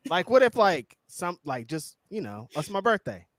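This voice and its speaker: A man's voice: high-pitched, sing-song, normal speed. A man co-hosting a casual live-stream chat, laid-back and teasing, laughing often. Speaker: co-host.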